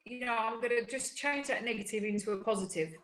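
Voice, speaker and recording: A woman speaks with upbeat, earnest warmth on a live wellbeing chat, her talk running on in long stretches. Her voice is fairly high, and the room around her rings with echo. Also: fast. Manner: upbeat, earnest, talks in long flowing runs. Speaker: co-host of a spiritual wellbeing show.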